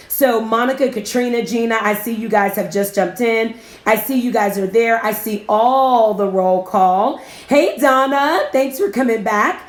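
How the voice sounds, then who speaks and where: A woman coaching business owners on a live broadcast, chatty and emotional, giving shout-outs to viewers. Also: fairly high pitch. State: emotional, near tears. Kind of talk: casual live-stream talk. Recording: roomy echo.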